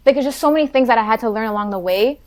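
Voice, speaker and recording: A woman's voice: on the high side, darkish tone. A young woman talking as a podcast guest in casual chat, chatty and filling her talk with "like". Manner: fast and chatty, fills talk with "like". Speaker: podcast guest, Pilates instructor.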